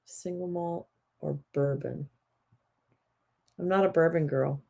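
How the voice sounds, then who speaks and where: A woman with a somewhat low voice, co-hosting a casual live stream. She talks in a folksy, opinionated way. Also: steady tone, slow pace, gravelly, warm tone.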